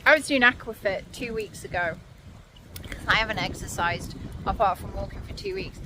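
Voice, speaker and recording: A woman in her forties, out of breath, talking candidly into a handheld phone while she climbs a windy hill, with sighs and pauses between phrases. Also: medium pitch, animated. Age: 40s. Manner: chatty and candid, pausing to sigh and catch breath. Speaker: vlogger. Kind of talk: casual talk to camera while walking. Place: outdoors on a windy hillside. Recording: wind noise on a phone mic outdoors.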